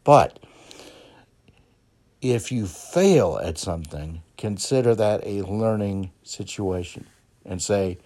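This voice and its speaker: Deep voiced guy doing a slow folksy pep talk podcast, lots of ums and okays. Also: expressive, mellow. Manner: folksy, repeats "okay?" and "you know", many ums. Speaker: podcast host. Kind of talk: motivational monologue. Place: Plymouth, Massachusetts.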